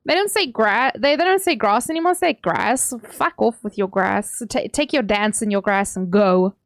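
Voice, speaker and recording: Playing a game on a home stream, a woman with a South African accent keeps up a rambling, casual chat and laughs a lot. Her voice is a little high and she talks a little fast.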